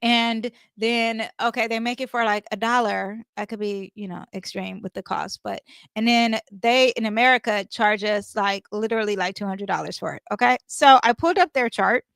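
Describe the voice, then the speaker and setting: A woman giving a casual astrology and tarot reading, chatty and animated, with many fillers and asides. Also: mid-range voice, normal speed, gravelly, smooth, no room sound, clean studio sound.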